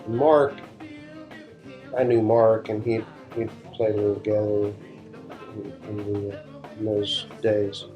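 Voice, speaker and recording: Faint music plays behind a man whose lowish, mellow voice comes out flat and slow, broken by long pauses. He's a session guitarist guesting on an interview, spinning loose, easygoing stories and repeatedly restarting what he's saying.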